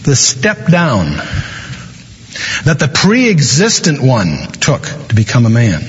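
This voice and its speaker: A man's voice: mid-range voice, a little hiss or hum. Preacher man in a reverberant hall. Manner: storytelling, dramatic slowdowns for emphasis. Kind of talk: sermon with a told joke. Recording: dull, reverberant hall recording.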